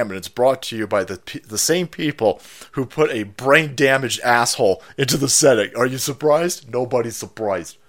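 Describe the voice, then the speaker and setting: A man hosting a stream, ranting and mocking in a foul-mouthed commentary style. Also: medium pitch. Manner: foul-mouthed, mocking, acts out silly voices. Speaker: streamer host.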